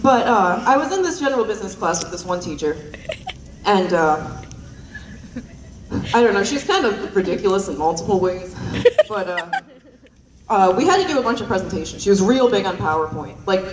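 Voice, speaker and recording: A young woman tells self-deprecating stand-up stories, rambling and giggling between ums. Her pitch jumps around in a lively way as she talks. She is heard in a roomy hall, a little far from the microphone, with faint noise behind her. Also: moderate pace, long pauses. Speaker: stand-up comedian. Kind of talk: stand-up storytelling. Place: stage at a performance night. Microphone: handheld stage microphone.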